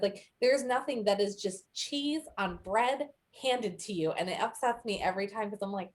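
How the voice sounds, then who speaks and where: Chatty woman co-host, rambling, laughs a lot, mid pitch. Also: normal speed, few pauses. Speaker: podcast co-host. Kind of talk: casual chat.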